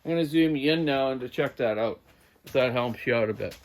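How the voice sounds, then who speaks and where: A man's voice: mid-range voice, a little fast. A middle-aged man giving a casual hands-on repair demonstration in his workshop, rambling and correcting himself as he works. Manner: rambling, talks while working, self-correcting. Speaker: chainsaw repair host. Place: home workshop.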